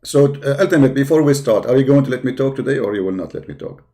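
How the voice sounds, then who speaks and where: A man's voice: medium pitch, fast talker, mellow. A man, hosting a heated call-in debate, repeating himself and talking over the caller. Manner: argumentative, interrupts, repeats phrases. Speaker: show host.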